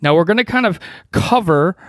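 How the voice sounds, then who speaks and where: A man's voice: high-pitched, expressive, moderate pace, fairly bright tone, dry recording, clean studio sound. A man in his forties teaching network design in a podcast-style talk, emphatic, repeating key phrases and asking rhetorical questions.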